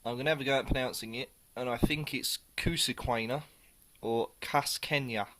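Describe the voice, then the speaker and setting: A man talks casually to camera while reviewing a beer. His voice sits in an ordinary middle pitch. He rambles, swears offhandedly and keeps restarting his sentences. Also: fairly even intonation, quick pace, a bit bright. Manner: chatty and rambling, with swearing and frequent self-corrections.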